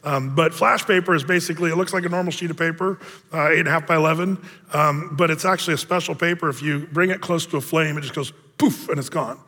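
A man's voice: fairly high pitch, fast, bright, forceful tone, husky, in a large hall. A male pastor giving a sermon in a church, telling stories casually with self-deprecating humor. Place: church sanctuary.

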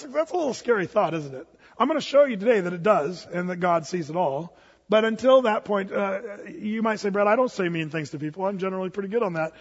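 A man preaching a sermon as pastor, telling stories in a lively way, with many restarts and fillers. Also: high voice, husky, long reverb tail, lo-fi sound.

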